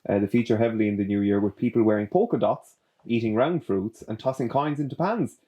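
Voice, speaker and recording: Male co-host, dark mellow voice, dry fact-reader. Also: lowish voice, quick pace, muffled recording. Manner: wry, ends facts with "there you go". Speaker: podcast co-host. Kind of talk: casual chat, reading fun facts.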